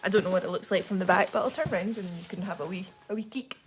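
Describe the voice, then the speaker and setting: Fast-talking Scottish woman, chatty. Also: mid-range voice, a little hiss or hum. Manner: fast, chatty, rambling with many ums. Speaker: livestream host. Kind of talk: casual livestream chat.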